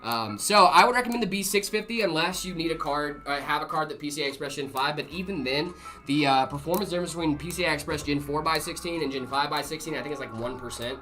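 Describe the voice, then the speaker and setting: A man co-hosting a live stream, answering chat questions about PC hardware in a relaxed, friendly way. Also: fairly high pitch, fast, soft background music. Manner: relaxed, friendly, fillers and "brother".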